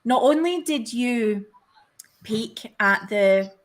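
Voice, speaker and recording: A woman hosting a podcast, speaking in a measured way with some hesitation. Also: on the high side, expressive. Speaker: podcast host. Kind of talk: casual conversation.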